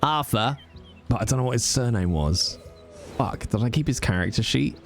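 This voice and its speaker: A man chatting casually on his stream with a lively, bouncing pitch, rambling and swearing freely as he goes. Music plays steadily behind him. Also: normal speed.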